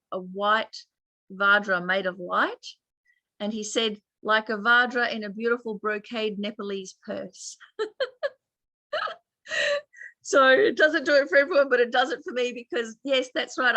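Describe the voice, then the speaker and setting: A woman's voice: medium pitch, pushed and bright, no room sound. An Australian woman teaching a chatty online meditation class, laughing often as she explains.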